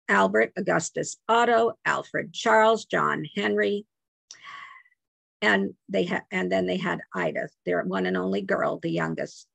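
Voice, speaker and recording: A woman's voice: medium pitch, gravelly, a bit bright, husky, no echo. A woman, a museum program manager, giving a slide presentation with chatty asides and self-corrections.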